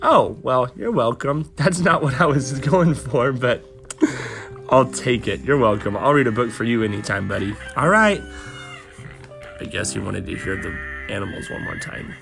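A father and podcast host reading a farm picture book aloud to his children and making animal sounds in a playful, animated way. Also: medium pitch, moderate pace, vocal fry, faint music behind.

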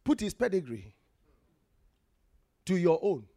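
A man's voice: sits high, sing-song, slow pace, dark tone, dry recording, clean studio sound. A man preaching a sermon in a church, reading scripture aloud and quizzing the congregation for answers.

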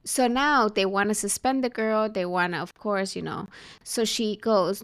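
A woman's voice: mid-range voice, unhurried, clean tone. A woman host telling a story in casual chat, acting out the dialogue of the people in it. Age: adult mother. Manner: animated retelling, acts out dialogue. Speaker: podcast host.

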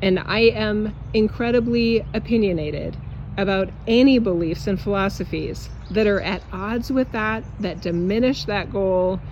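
Woman, spiritual coach, outdoor vlog; blunt, swearing, laughing pep talk with a soft hiss of outdoor air behind. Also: mid-range voice, measured pace, lo-fi sound. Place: outdoors in a yard.

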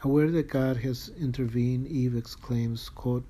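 Very dark, flat-voiced man reading scripture. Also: medium pitch, unhurried, a little hiss or hum. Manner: reads each citation out in full, marking quotes aloud; earnest and moved by the text. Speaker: reader of a church document. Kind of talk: reading a religious text aloud with asides.

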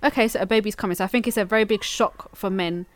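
Young midwife, earnest, chatty, dry close mic. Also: female voice, medium pitch, fast, dry recording. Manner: earnest, explaining, many fillers. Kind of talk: casual chat.

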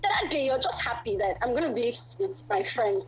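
A woman in a casual chat, explaining her view earnestly with quick asides. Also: fairly high pitch, big pitch swings, fairly bright tone, poor audio. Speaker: guest.

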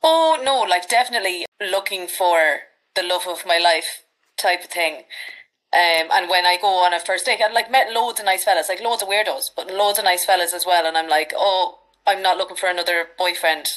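Irish woman, 30s, lowish voice, lively storyteller who swears freely. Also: normal speed, poor audio. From Ireland. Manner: chatty, animated anecdotes with frank swearing. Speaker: podcast guest. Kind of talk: casual storytelling chat.

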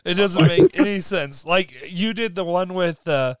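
A man telling stories in casual conversation, animated and laughing often. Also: high voice, a little slow, a crowd in the background.

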